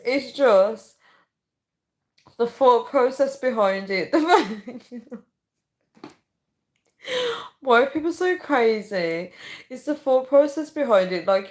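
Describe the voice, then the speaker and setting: Breathless, giggling high-voiced woman. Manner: laughing helplessly, squealing through words. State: out of breath from laughing. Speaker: live-stream host reading viewer comments. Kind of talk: casual live chat.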